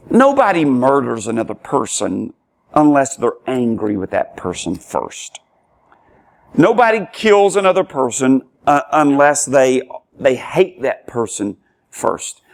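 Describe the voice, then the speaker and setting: A man's voice: on the high side, gravelly. A man teaching a Bible study as a preacher, emphatic, speaking in short repeated phrases and lifting his voice as he reads scripture aloud. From Tennessee, US. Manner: emphatic, rises and falls sharply when reading scripture aloud. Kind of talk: sermon-style Bible teaching.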